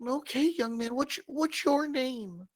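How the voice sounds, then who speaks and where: A man voicing a fussy little old lady in a quavering high falsetto. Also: slow pace, heavily acted. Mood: sweet.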